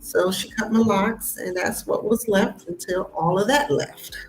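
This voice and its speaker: An American woman telling a personal story in a casual, animated way, acting out the voices of people she quotes. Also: medium pitch, unhurried, echoey room, rough recording. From United States. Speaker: host of a live stream.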